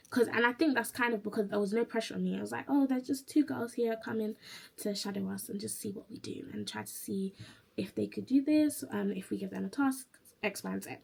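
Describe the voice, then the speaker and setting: A woman's voice: mid-range voice, vocal fry, darkish tone, husky. A woman in her twenties chatting casually in a diary-style vlog, often quoting her own past thoughts. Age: 20s. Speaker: vlogger.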